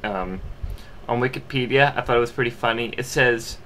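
Young male amateur reviewer, bright tone, loose unscripted rambling. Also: medium pitch, moderate pace, a little hiss or hum. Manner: rambling, full of fillers and restarts. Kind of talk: casual movie review.

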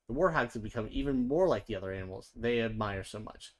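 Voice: medium pitch, quick pace, hardly any pauses. Playful storybook reader. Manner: gentle, chatty, playful. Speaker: children's book reader. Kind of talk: storybook read-aloud with chatty asides.

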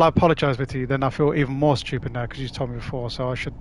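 With a mid-range voice and steady tone, this fast-talking gaming livestreamer barely pauses. He's a Cockney-accented Londoner chatting casually and matily with his viewers while playing, swearing freely throughout.

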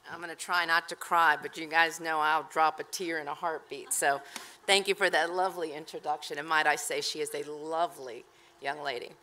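A middle-aged woman delivers a ceremony keynote in a chatty, self-deprecating way. She speaks as a professor and attorney, with casual fillers. Her voice sounds bright and forceful and sits a little low. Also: fairly even intonation, fairly quick, slight background noise. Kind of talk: ceremony speech.

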